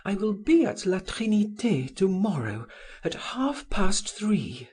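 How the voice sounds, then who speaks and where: A trembling married woman, put on by a male narrator refuses in high, shaky tones. Her pitch climbs far above the reader's usual voice, with a slightly raised level. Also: big pitch swings, takes it slowly, darkish tone, slightly rough, full character voice. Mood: distressed. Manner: high, tremulous, protesting.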